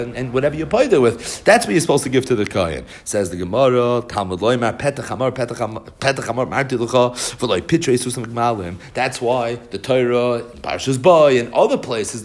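Guy teaching gemara, singsongy and animated, keeps repeating lines, average pitch voice. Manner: animated, rising sing-song when quoting and explaining text; repeats phrases for emphasis. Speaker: Talmud teacher. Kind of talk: Talmud study lecture.

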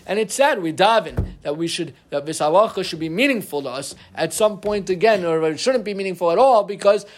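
Brief: middle-aged male rabbi, light high voice, lively and self-interrupting, joking aside in a casual Torah class. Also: a little fast, few pauses.

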